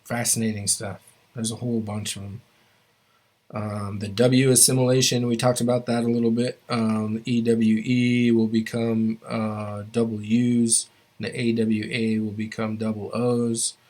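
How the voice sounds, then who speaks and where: A man's voice: mid-range voice, level tone, unhurried, darkish tone. A man teaching a language class, explaining grammar rules step by step and often stopping to restart his phrases.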